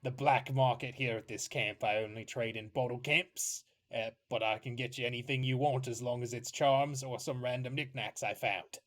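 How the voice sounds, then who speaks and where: A man's voice: mid-range voice, steady tone, normal speed, hardly any pauses, lightly acted. A man voicing a shady teenage boy who sells junk out of his trench coat, with a sly, sinister salesman manner.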